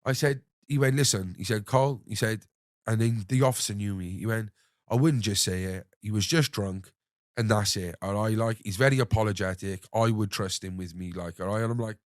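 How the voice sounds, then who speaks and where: A young man hosting a podcast, telling an animated story full of swearing and acting out what others said. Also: fairly low pitch, a little fast, dry recording, studio quality. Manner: animated anecdote-telling, swears freely, acts out others' lines. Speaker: podcast host. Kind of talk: casual storytelling chat.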